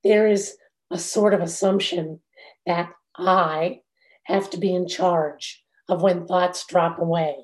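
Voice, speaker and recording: A woman meditation teacher giving a dharma talk in a measured, reflective way, with long pauses. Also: on the low side, steady tone.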